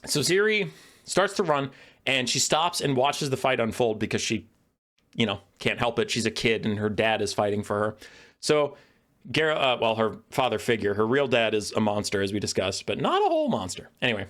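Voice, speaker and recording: A man giving an animated, profane and sarcastic lore rant as a video creator. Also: medium pitch, normal speed.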